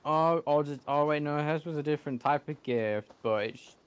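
A man's voice: a little high, normal speed, smooth. A man commentating casually over his game, thinking aloud, rambling, and swearing freely. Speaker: gamer.

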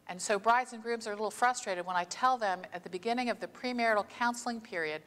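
A woman's voice: on the high side, a bit bright. Woman pastor preaching in a reverberant church. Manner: conversational storytelling preaching; slows down to stress key phrases. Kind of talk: sermon. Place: church sanctuary.

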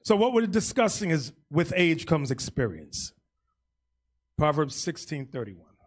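A man preaching as bishop in an emphatic, loud sermon style. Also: on the high side, very animated, measured pace. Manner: loud, emphatic, shouting at peaks. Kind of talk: animated sermon teaching.

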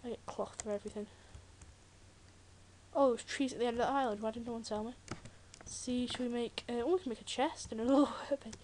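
A woman's voice: fairly high pitch, steady tone, brisk. A teenage girl with a British accent, giving chatty, jokey commentary while playing a video game, full of rambling asides. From Britain. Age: teens. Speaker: Let's Play gamer. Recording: loud keyboard typing noise. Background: loud keyboard clicks and typing.

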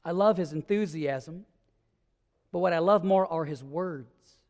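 A man's voice: fairly high pitch, measured pace, a little mellow. A man preaching a sermon as pastor, telling the story vividly and building to emphatic declarations. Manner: vivid storytelling, acting out scenes; emphatic, rising to ringing declarations. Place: church sanctuary. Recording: long reverb of a church sanctuary.

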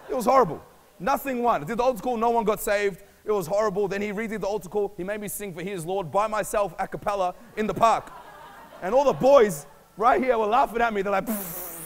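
A young Australian man preaching a sermon in an energetic, storytelling, conversational way. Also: sits high, fast.

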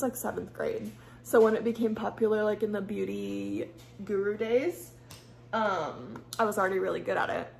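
Young woman, Valley girl vocal fry. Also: mid-range voice, slight background noise. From Midwest US. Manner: chatty, rambling, heavy use of "like". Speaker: beauty vlogger. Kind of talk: casual get-ready-with-me chat. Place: at home doing makeup.

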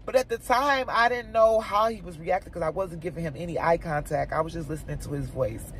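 A woman mom vlogger chatting casually to her viewers, telling a personal story in an animated, chatty way. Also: on the low side, fairly quick, slight background noise.

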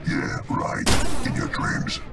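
An actor voicing a mocking, unstable computer glitch in a video game, with a deep, distorted voice and a taunting manner. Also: male voice, slow, distant mic, natural voice. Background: game music.

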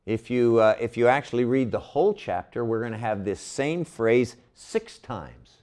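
A man's voice: medium pitch, lively intonation, normal speed, a little mellow. An older man teaching a Bible class, asking his listeners questions and leaning hard on key words.

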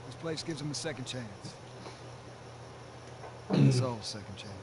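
An actor playing a firm, guarded younger brother who leads a community in a video game. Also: male voice, mid-range voice, animated, measured pace. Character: stern younger brother, settled community leader. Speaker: game character. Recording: game audio under clear noise.

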